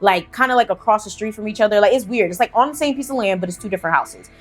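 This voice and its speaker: A woman's voice: medium pitch, racing, faint music behind. A woman hosting a casual spooky storytime, chatty and profane, full of fillers and asides. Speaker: storyteller, channel host.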